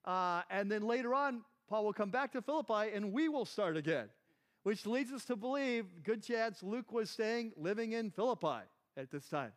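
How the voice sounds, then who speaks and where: High-voiced man teaching a chatty sermon. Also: expressive, moderate pace. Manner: chatty, asks the listeners questions, says "like" and "right" often. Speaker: pastor teaching a Bible class.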